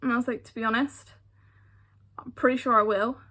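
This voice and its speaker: A woman's voice: on the high side, fairly even intonation, fairly quick, sharp tone. A young British woman telling a personal story vlog-style, emphatic and given to repeating phrases for effect. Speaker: vlogger. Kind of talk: storytime retelling.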